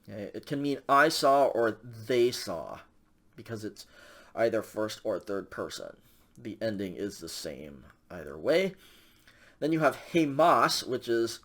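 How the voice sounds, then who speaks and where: A man teaching a recorded language lecture, walking through grammar patiently with frequent ums and okays. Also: mid-range voice. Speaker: Greek instructor.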